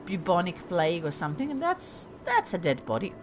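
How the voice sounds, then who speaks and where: Over background music, a woman with a lowish, wildly swooping voice talks fairly quickly. She's hosting a let's play, poking fun at herself as she narrates her gameplay and chats with the game characters in casual commentary.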